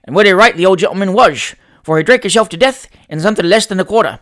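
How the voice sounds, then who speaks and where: A cheeky young manservant, as a male reader puts him on, sly and deadpan in his banter. The voice sits a little high and jumps about, louder and brighter than the plain narration. It is a storybook turn with quick, dry wit. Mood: wry.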